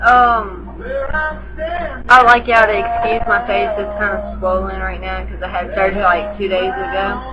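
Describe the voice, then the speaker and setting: A woman's voice: medium pitch, level tone, moderate pace, lo-fi sound. A woman, chatting casually and self-consciously in a home vlog. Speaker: vlogger. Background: loud radio music.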